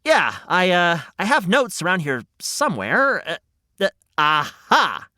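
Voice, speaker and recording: A man hosts a children's storytelling podcast with bright, playful bewilderment. He speaks at a leisurely pace with very lively pitch, recorded dry and close with faint music underneath. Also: unhurried, no echo.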